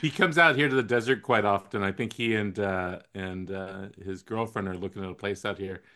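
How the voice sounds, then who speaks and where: A man hosting a podcast, chatting in a relaxed way and offering opinionated asides. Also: lowish voice, fairly quick. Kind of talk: casual podcast chat.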